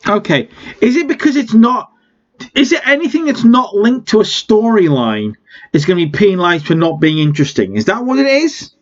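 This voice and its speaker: A man's voice: sits high, big pitch swings, normal speed, lo-fi sound. A man casually recapping a wrestling management game, chatty with wry asides. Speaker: game let's-player.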